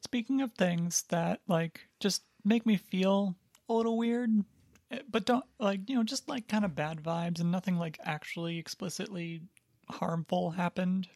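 A podcast co-host chatting casually in a rambling, hedging way, with a dry, deadpan humor. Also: mid-range voice, a little slow, no echo. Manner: rambling, hedging, filler-heavy. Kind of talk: casual chat.

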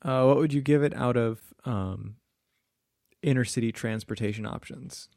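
A man co-hosts a casual podcast and steers the talk with wry, prompting questions. His voice has a gravelly fry. The recording is dry and close. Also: medium pitch, moderate pace, a little mellow, no echo. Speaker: podcast co-host. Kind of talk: casual chat.

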